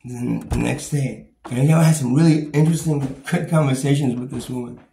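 This gravelly, dark-toned man speaks in a mid-range voice at a moderate pace, ranting furiously about his personal experiences. He curses a lot, repeats words as he stumbles and laughs bitterly, with roomy echo and faint background noise.

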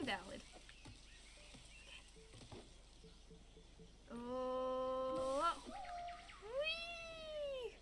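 A young woman with a high voice hosts a gaming video, chatting playfully as she plays. She's bubbly, squealing and exclaiming often, with game music over a noisy background.

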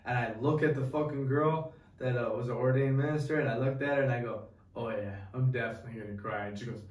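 A young man co-hosting a podcast, rambling through a profane, excited story in casual chat. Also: mid-range voice, fast. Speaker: podcast co-host. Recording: echoey room, distant mic.

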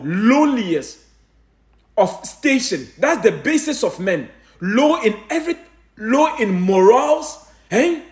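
High, lively preaching man. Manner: asks rhetorical questions, answers himself; reads scripture aloud, restarts words. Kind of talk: sermon with scripture reading.

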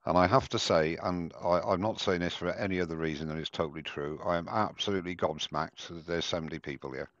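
Hosting a live woodturning demo stream, this man speaks quickly with few pauses, his low voice fairly bright in tone and free of room sound. He chats casually in a rambling way and jokes at his own expense. The headset recording sounds dull and dry.

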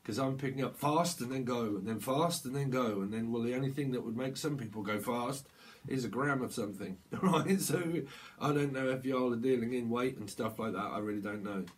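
Speaking briskly in a medium-pitched voice, a UK tarot reader delivers a channeled reading to camera that's loose and rambling. He laughs a lot and performs small quoted voices along the way.

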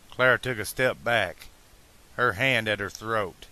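A man narrating a fan-made audiobook in a slow, deliberate reading style. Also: on the low side, bright, forceful tone.

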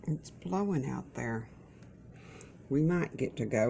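A woman's voice: a bass voice, unhurried, vocal fry, mellow, a little hiss or hum. A woman chatting in a folksy, chatty way at her kitchen table, with religious asides. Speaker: vlogger caring for her mother. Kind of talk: casual chat. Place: home kitchen, breakfast table.

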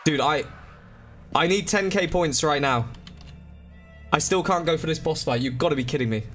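A young man commentating his game live, excitable, swearing and begging the game for help. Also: fairly high pitch, moderate pace. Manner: swears, begs and pleads under pressure. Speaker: gaming streamer. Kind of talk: frantic live gameplay commentary. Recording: loud game music behind. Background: game music.

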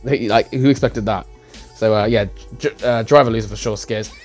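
A man's voice: lowish voice, steady tone, normal speed, darkish tone. A young man recapping a sim racing league round in a casual, rambling way, full of fillers, self-corrections and little chuckles. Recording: faint music behind.

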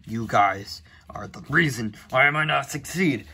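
A man who voices every character in his own fan-made toy drama. He talks in an excitable way and shouts battle cries. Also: mid-range voice, measured pace, few pauses, a little hiss or hum. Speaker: creator voicing all characters.

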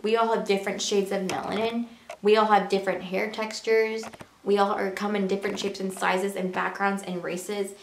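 Young woman talking to her camera, earnest and animated, roomy echo, faint noise behind. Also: medium pitch, normal speed, vocal fry. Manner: earnest, animated, rhetorical questions. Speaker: beauty and lifestyle vlogger. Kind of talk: casual talk to camera. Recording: echoey room.

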